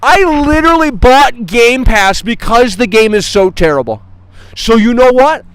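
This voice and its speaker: A man's voice: very high-pitched, expressive, a little slow, fairly bright tone, clear, resonant tone, low-quality recording. A man ranting on a gaming livestream, profane and mocking, talking straight to his chat. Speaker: streamer.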